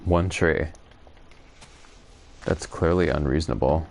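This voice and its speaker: A man's voice: very deep voice, slow pace, gravelly, a little mellow, slight background noise. A man streaming a survival game, musing to himself and amused at his own remarks in casual commentary. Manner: musing, self-amused, thinks aloud. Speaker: gaming streamer.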